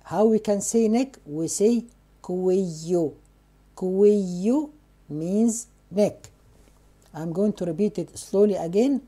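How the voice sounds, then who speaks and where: Slow-spoken woman teaching vocabulary. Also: medium pitch, warm tone. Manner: repeats each word slowly, asks and answers her own questions. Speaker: Spanish teacher.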